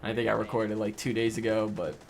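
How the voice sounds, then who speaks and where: A man's voice: on the low side, monotone, fast. Emotional young man rambling casually. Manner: rambling, heavy on "like" and "or whatever". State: emotional, voice wavering. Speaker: gaming vlogger. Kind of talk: casual personal talk over gameplay.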